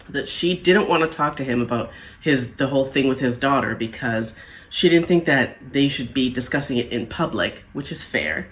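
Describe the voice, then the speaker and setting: A woman hosting a casual reality TV recap, talking in an exasperated, sarcastic way. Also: a bass voice.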